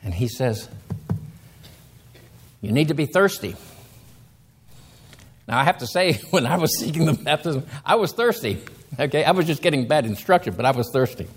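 A man preaching a sermon, reading scripture slowly and then explaining it with emphatic rises in his voice. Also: fairly high pitch, very animated, husky.

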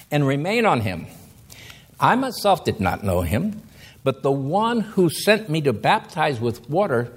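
A man preaching a sermon, reading scripture slowly and then explaining it with emphatic rises in his voice. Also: a little high, breathy edge.

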